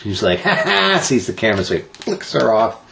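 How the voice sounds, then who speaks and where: A man's voice: fairly low pitch, animated, brisk, creaky, a little hiss or hum. A man co-hosting a casual podcast, joking his way through odd news stories with plenty of teasing. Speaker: podcast co-host.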